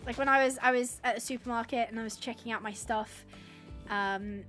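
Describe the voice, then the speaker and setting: A woman's voice: a little high, steady tone, brisk, a bit bright, faint music behind. An English woman live-streaming a game, chatting casually and rambling, laughing often as she reads out the chat. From England.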